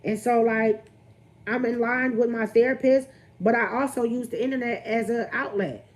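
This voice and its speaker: Young woman, casual venting livestream, candid, slightly high voice. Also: steady tone, normal speed. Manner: candid, talks straight to the camera and greets viewers. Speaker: vlogger on a livestream.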